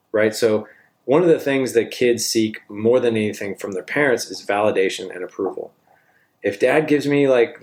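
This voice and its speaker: A middle-aged man giving a conversational coaching talk about parenting, emphatic and often checking in with tag questions. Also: mid-range voice. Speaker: parenting speaker.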